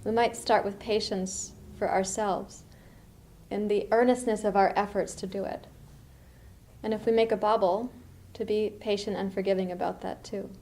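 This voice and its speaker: A middle-aged woman from the US East Coast, giving a reflective dharma talk as a meditation teacher, unhurried with lively asides. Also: mid-range voice.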